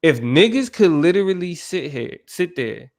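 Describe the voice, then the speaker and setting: A man's voice: on the high side, big pitch swings, normal speed, a little mellow. Emphatic podcast co-host, a man. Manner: emphatic, keeps asking "you feel me". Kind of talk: casual podcast discussion.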